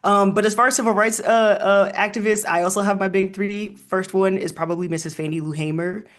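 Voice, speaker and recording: Brief: male historian guest, somewhat high-pitched, animated storyteller, relaxed interview. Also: fairly quick. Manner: animated storyteller with frequent ums and laughs. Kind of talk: casual interview conversation.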